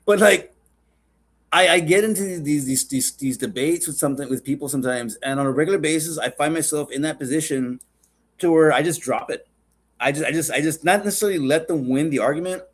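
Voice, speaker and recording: A man's voice: fairly high pitch, fairly quick. A man hosting a podcast, chatting casually in a rambling, joking and profane way. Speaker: podcast host.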